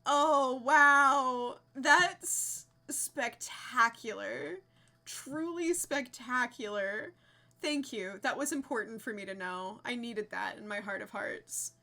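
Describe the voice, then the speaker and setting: A woman's voice: a little high, takes it slowly, vocal fry, sharp tone. A young woman live streaming a game, chatting casually and giggling as she reads out names with delight.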